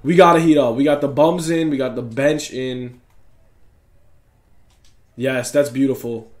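A young man giving excited, trash-talking commentary over his own basketball video game play. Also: mid-range voice, measured pace, faint music behind. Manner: hyped, trash-talking, reacts loudly to every play. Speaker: gaming YouTuber.

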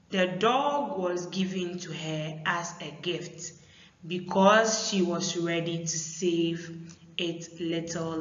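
A woman teacher reading a story aloud to young pupils and explaining its lesson, in a slow, deliberate way. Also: mid-range voice, a bit bright. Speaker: primary school teacher. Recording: echoey, muffled room recording.

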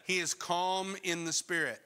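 A middle-aged male pastor preaching a sermon in a conversational, animated way, full of rhetorical questions. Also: sits high, a little slow, clear, resonant tone. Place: church sanctuary. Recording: long church hall reverb.

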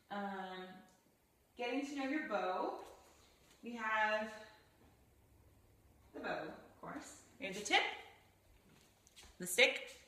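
A woman from Florida teaching violin, patiently explaining the parts of the instrument and sometimes demonstrating pitches with her voice. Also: pushed and bright. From Gainesville, Florida, USA. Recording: roomy echo, faint violin.

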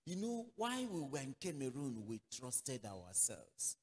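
A man from Nigeria preaching a sermon as pastor, telling a story with acted-out dialogue and sudden loud outbursts. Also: medium pitch, wildly swooping pitch, unhurried, breathy edge. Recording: long reverberant hall.

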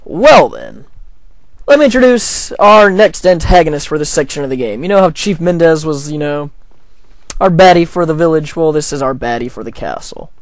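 A man joking and rambling through a video game playthrough, with a gravelly, slightly high voice. His pitch bounces around a lot as he reacts to the game. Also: very animated, moderate pace, no echo, studio quality. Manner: rambling, jokey, self-deprecating. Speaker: let's play gamer. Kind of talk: casual gameplay commentary.

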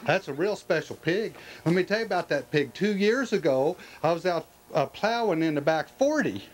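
Man playing an earnest old farmer, fairly high voice, insistent and repetitive. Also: expressive, moderate pace, low-quality recording. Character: earnest old male farmer, proud of his pig.

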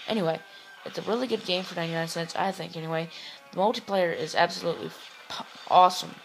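Excitable, gravelly man doing gameplay commentary. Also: fairly high pitch, brisk, soft background music, poor audio. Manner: excitable, shouts and whoops. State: voice getting sore. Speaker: gaming channel host.

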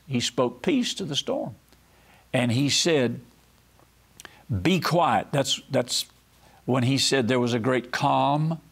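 A man's voice: mid-range voice, creaky. A man preaching a televised sermon, telling folksy stories and acting out quoted voices. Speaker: pastor and TV host.

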